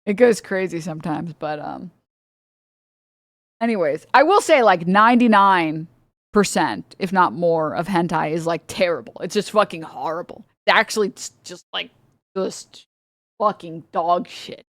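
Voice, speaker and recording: A woman rants casually on her livestream at home, rambling, saying "like" constantly, cursing, and laughing often. Her voice is on the low side and animated, at normal speed, in a dry recording.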